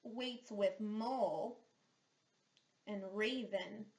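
A woman therapist reading a picture book aloud to young children, stopping to ask questions and to model speech sounds slowly and clearly. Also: medium pitch, a little mellow. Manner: slow, exaggerated sound modeling with questions to the listener. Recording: roomy echo.

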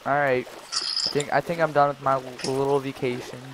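A man's voice: medium pitch, flat delivery, moderate pace, noisy background. A man casually joking and teasing his friend while commentating a game he is playing. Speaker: co-host of a game series. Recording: music playing under the voice. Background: background music.

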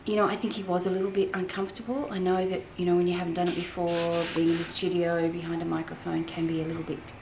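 A woman's voice: lowish voice, little pitch movement, fast, gravelly, few pauses, background noise. Frank, chatty woman. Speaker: voiceover artist. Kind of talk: mockumentary interview.

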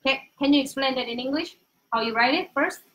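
A woman's voice: sits high, brisk, fairly bright tone. A young woman with a Korean accent teaching a casual live-streamed Korean lesson, drilling pronunciation with lots of repetition.

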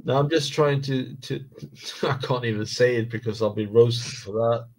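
A man hosting a casual live stream while building a model kit, excitable, self-mocking and swearing freely. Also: mid-range voice, unhurried.

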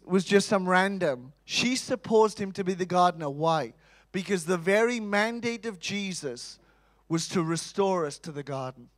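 A man preaching an Easter sermon in a lively, humorous way, calling out to the congregation for responses. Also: sits high, no echo, rough recording. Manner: lively, humorous, acts out quoted voices.

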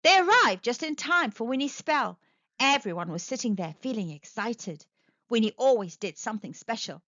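A woman telling a children's story aloud, with a sing-song, expressive delivery, in a slightly muffled, dry recording. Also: medium pitch, normal speed, no room sound. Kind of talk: children's read-aloud narration.

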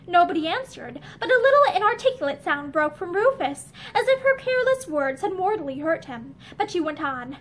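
A woman reading a novel aloud with expressive, dramatic storytelling, sitting in a room with bookshelves. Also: extremely high pitch, a little fast, few pauses. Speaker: audiobook reader. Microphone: camera facing her as she sits.

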